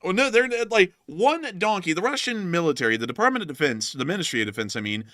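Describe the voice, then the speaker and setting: A man's voice: high voice, animated, fast talker, bright, forceful tone, no room sound, clean studio sound. A man hosting a casual commentary show over war clips, joking, laughing and exclaiming as he reacts. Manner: jokey, laughing, exclaims "holy moly", mocks voices. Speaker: war news commentary host.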